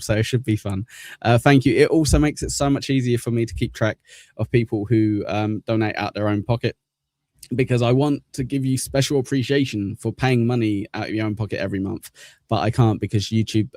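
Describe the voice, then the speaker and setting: Low, mellow-voiced man chatting with viewers. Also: dry recording, studio quality. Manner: rambling and self-deprecating, with chuckles and fillers. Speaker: livestream host. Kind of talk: casual chat thanking channel members.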